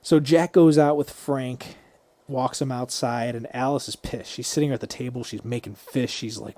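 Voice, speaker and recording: A man's voice: medium pitch, normal speed, darkish tone, no echo. A man co-hosting a podcast, casually retelling a movie scene by scene and swearing freely. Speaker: podcast co-host.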